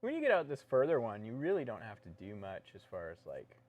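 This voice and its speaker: Male painting instructor, easygoing, talks through his strokes, mid-pitched voice. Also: brisk, phone-quality sound. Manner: relaxed, joking, talks through each step. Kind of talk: casual painting tutorial.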